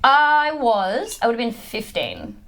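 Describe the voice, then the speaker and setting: A woman's voice: fairly high pitch, huge pitch swings, slow, fairly bright tone. A woman player in a tabletop game, chatting casually and rambling through a story with frequent giggles, with faint background noise. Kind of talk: casual chat.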